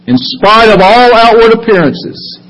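A man preaching a sermon in church, slow and fervent, building with repeated phrases. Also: extremely high pitch, steady tone, a bit bright, poor audio. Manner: slow, preaching with rising fervor and repetition. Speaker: pastor. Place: church sanctuary.

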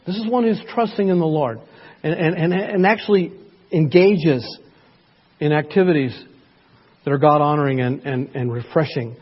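A man's voice: on the high side, normal speed, slightly rough, highs cut off. A man preaching a sermon in church, reading scripture aloud and rising to emphatic peaks, often asking the congregation for agreement. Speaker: pastor.

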